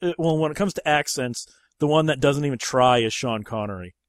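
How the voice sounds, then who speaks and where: A man's voice: mid-range voice, fairly quick, dry recording, clean studio sound. A man hosting a podcast, chatting casually about movies, rambling and swearing freely. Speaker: podcast host.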